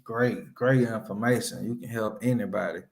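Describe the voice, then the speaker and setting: A man's voice: on the low side, steady tone, moderate pace, creaky. A man from Alabama with a Southern accent, hosting a casual interview in an easygoing way and often repeating his words. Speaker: interview host.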